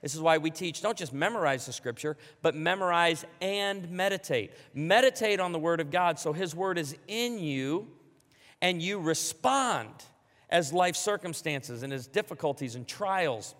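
A man preaching a sermon to a congregation, animated and emphatic, joking along the way. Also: a little high, big-room sound. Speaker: pastor.

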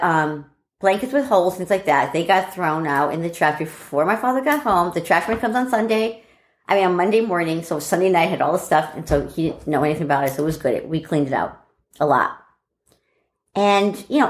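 In an echoey room, a middle-aged woman with a lowish voice casually tells a family story. She's animated and acts out what her relatives said.

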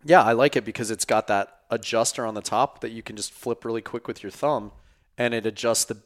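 A podcast host chats loosely and rambles, swearing casually, his voice worn from an earlier recording as he loses it. He speaks fairly quickly in a mid-range voice with fairly even intonation.

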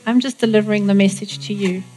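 Woman preaching, praying blessings over people, keeps repeating lines, quiet guitar under it. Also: medium pitch, fairly even intonation, fast talker. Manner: warm, declaring and emphatic, repeating phrases. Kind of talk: sermon with prayer and blessing.

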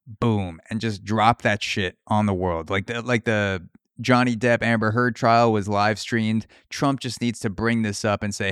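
A man's voice: fairly low pitch, fairly even intonation, a little slow, fairly bright tone, smooth, no echo, clean studio sound. A man hosting a podcast, riffing through a profane comedic solo monologue. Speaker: podcast host.

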